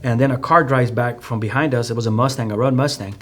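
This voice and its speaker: A man's voice: medium pitch, steady tone, fast, slight background noise. A man with a Chicano English accent, a guest telling a personal testimony in a loose, storytelling way, with many fillers and restarts. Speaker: podcast guest.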